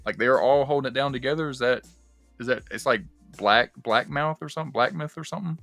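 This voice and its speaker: A young man hosting a casual movie-discussion livestream, talking in an animated, rambling way with plenty of swearing and fillers. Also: medium pitch, fast, vocal fry, faint music behind. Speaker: livestream host.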